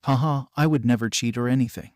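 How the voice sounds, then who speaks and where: Cocky boy hero, way too strong, read by a man in his own voice, flat plain read, dry. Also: mid-range voice, fast, no echo, lightly acted.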